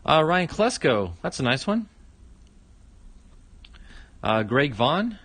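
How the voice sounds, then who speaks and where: A man's voice: a little high, big pitch swings, slow, a bit bright, dry recording. A middle-aged man hosting a casual livestream, opening fan mail, chatty and exclaiming often.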